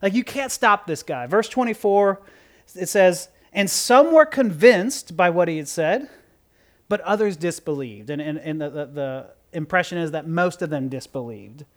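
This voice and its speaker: Animated preacher with lively swinging pitch. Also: moderate pace. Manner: animated, joking, swings from quiet asides to loud outbursts. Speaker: pastor. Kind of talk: sermon.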